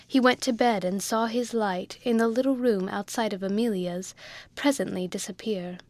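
A woman's voice: medium pitch, a little mellow, no echo. Woman reading a classic novel aloud. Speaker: audiobook reader. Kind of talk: scripted narration.

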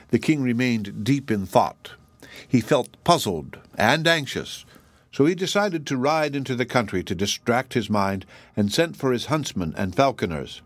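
An audiobook reader, a man with a medium-pitched voice, narrates a scripted fairy tale in a measured, even storytelling style. The recording is dry.

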